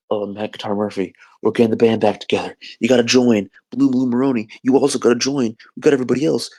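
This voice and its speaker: A man's voice: fairly low pitch, vocal fry, darkish tone, low-quality recording. A man co-hosting a podcast, rambling through a comedic movie recap and acting out the quotes in silly voices. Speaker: podcast co-host.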